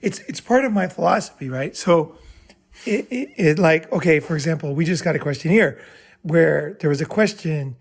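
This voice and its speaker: A man's voice: fairly high pitch, lively intonation, normal speed, vocal fry, husky. A man speaking at a live summit and answering an audience member bluntly, with profanity, often checking in with "right?". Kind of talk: live Q&A talk.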